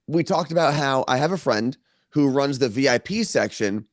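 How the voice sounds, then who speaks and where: A man's voice: mid-range voice, expressive, moderate pace, dry recording, clean studio sound. Rambling, laughing male podcast host. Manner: rambling storyteller, laughs often. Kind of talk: casual chat.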